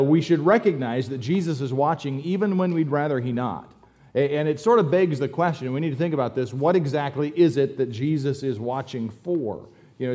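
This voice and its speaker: A man preaching a sermon as pastor in a church, telling jokes and making relaxed, self-deprecating asides. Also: medium pitch. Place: church sanctuary.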